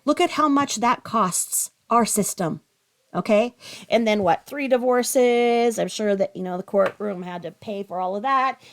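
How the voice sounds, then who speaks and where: A woman's voice: medium pitch, measured pace. A woman giving a heated, sarcastic commentary rant, scolding with rhetorical questions and audibly angry. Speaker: commentary YouTuber.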